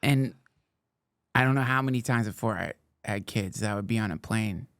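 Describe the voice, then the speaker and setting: Brief: a gravel-voiced father swearing through relaxed podcast stories, dry and close. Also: on the low side, normal speed, dry recording. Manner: profane, storytelling. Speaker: parent. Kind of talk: casual podcast conversation.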